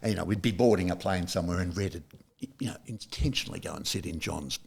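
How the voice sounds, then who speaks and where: A man's voice: low voice, fast talker, creaky, a little hiss or hum. An older Australian man, a saxophonist and podcast guest, telling anecdotes in casual chat and acting out other people's lines. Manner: animated storyteller who acts out other people's lines.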